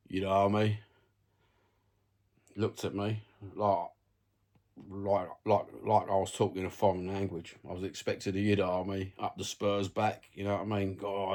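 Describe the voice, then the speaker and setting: A man's voice: lowish voice, a little mellow. A man with a Cockney accent, ranting bluntly and swearing a lot in a casual vlog. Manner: sweary, blunt, chatty with frequent "you know what I mean". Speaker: vlogger. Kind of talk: casual rant to camera. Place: at home, seated.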